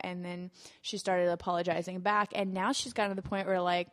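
A woman's voice: medium pitch, fairly even intonation, moderate pace, a bit bright, clear, resonant tone, no room sound, clean studio sound. Candid, laughing woman co-host, casual chat. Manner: candid, swears freely, laughs often. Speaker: podcast co-host.

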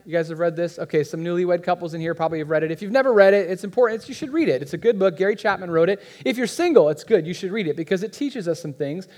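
A man's voice: high voice, racing, few pauses, darkish tone. A man in his thirties giving a guest sermon in a church, talking conversationally and joking with the congregation. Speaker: guest pastor.

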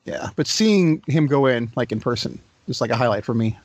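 A man's voice: medium pitch, lively intonation, fairly quick, darkish tone, slight background noise. A man co-hosting a casual podcast chat, teasing and wry. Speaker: podcast co-host.

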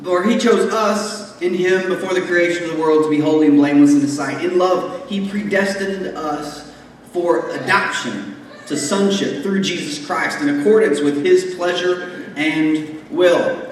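A pastor with a high, unhurried voice preaches a conversational sermon, explaining scripture with jokes and asides. The recording comes from an echoey hall through a distant mic, with faint room noise.

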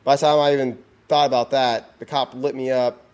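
A man's voice: medium pitch, flat delivery, a little fast, clear, resonant tone. A man, a podcast guest, tells a long story casually, full of restarts and "you know"s.

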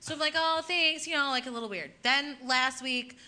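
A woman's voice: sits high, moderate pace. A woman, hosting a casual chat and telling stories with acted-out voices. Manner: animated storytelling, acts out voices. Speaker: host.

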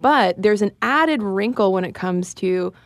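A woman's voice: mid-range voice, expressive, measured pace, no room sound. Chatty woman co-host, casual podcast delivery, dead-dry studio sound. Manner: chatty, laughs while talking.

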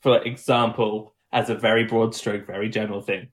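Man explaining, fairly low voice. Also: little pitch movement, moderate pace. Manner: explanatory, demonstrates sounds, laughs easily. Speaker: guest accent coach. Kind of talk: casual podcast chat.

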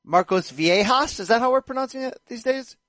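Man, podcast host, high voice, dry close sound, energetic playful banter. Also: fairly quick, no room sound. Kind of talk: casual boxing podcast chat.

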